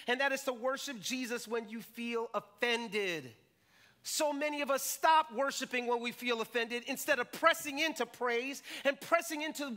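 A high-pitched male pastor preaching in church, bright and forceful in tone. He jokes, acts out quotes and keeps the sermon animated. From Jamaican family roots. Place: church stage.

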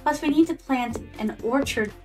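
Playing a farming game on stream, this VTuber keeps up casual, chatty commentary, addressing chat as "my darlings" and dropping Japanese words. Her voice sits high and a little mellow, at a moderate pace, with faint music in the background.

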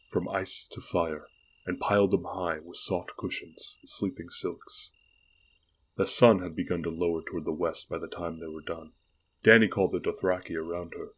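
A man reading an audiobook aloud with steady, unhurried storytelling. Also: sits low, husky, low-quality recording. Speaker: audiobook reader. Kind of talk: audiobook narration.

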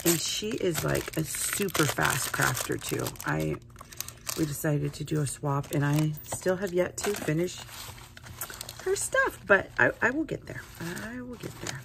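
A woman's voice: deep voice, big pitch swings, measured pace, creaky. A woman hosting a craft unboxing vlog, gushing and gasping over each item, sometimes dropping to a whisper. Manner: gushing, gasping, repeated exclamations; drops to a whisper at times. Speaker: craft channel host. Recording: noisy room with paper crinkling.

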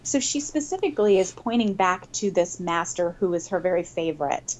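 A woman who is a podcast guest, explaining things in a relaxed chat and laughing easily. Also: fairly low pitch, a little fast.

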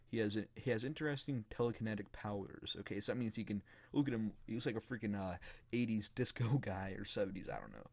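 A man giving loose, rambling let's-play commentary on a point-and-click game, often laughing and getting excited. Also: fairly low pitch, brisk. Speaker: gaming YouTuber.

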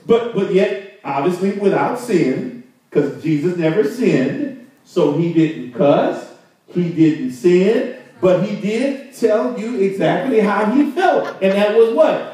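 A man's voice: sits high, expressive, slow, mellow. A male pastor preaching a conversational sermon, drawing call-and-response from the congregation and laughing often. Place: church sanctuary. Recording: very echoey room, mic at a distance.

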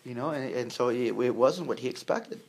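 A man's voice: mid-range voice, moderate pace, vocal fry. Conversational preacher man. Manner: conversational, with humor and acted-out quotes; many fillers and repeated words. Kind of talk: sermon.

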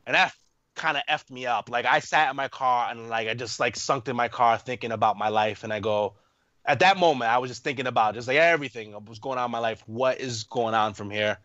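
A man in his thirties, a guest on an interview podcast, telling a story in a rambling, animated way with lots of fillers. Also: medium pitch, brisk, no room sound. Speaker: podcast guest, army veteran. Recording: muffled lo-fi, dry room.

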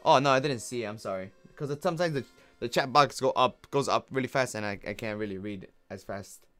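A man's voice: medium pitch, fairly quick, fairly bright tone, clear, resonant tone, soft background music. A man streaming a video game, talking casually and rambling while often laughing at his own jokes. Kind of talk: casual gameplay commentary.

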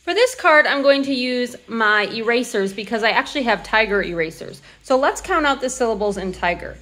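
A woman teacher showing hands-on classroom activities, sounding words out slowly and clearly. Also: a little high, lively intonation, a bit bright. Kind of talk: instructional demo.

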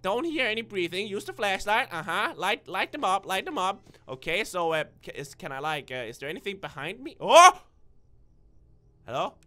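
A man's voice: high voice, big pitch swings, fairly quick, few pauses, sharp tone. A man giving let's-play commentary, nervous and stuttering, who bursts into screams when startled. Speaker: gaming video creator.

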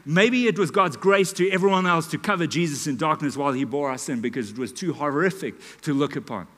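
A man, preaching a sermon in a church and telling a story dramatically, dropping to a hush and rising to loud calls. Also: fairly high pitch. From South Africa. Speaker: pastor. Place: church auditorium. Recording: live church hall reverb.

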